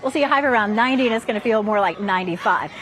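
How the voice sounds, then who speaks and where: A woman's voice: mid-range voice, animated, very fast, a bit bright, slight background noise. A woman meteorologist giving a chatty, upbeat live report from an outdoor park, a little out of breath. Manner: upbeat, chatty, laughing between lines.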